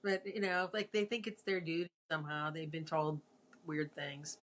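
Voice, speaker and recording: A woman's voice: low voice, level tone, normal speed. A woman in casual conversation giving emphatic, opinionated views. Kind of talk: casual chat.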